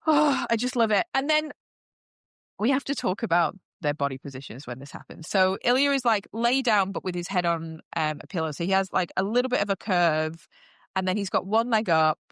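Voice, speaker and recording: Woman podcast host, gushing casual recap, smooth voice, dry close sound. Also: medium pitch, lively intonation, brisk, fairly bright tone, no room sound. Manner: gushing, full of "like" and "um" fillers.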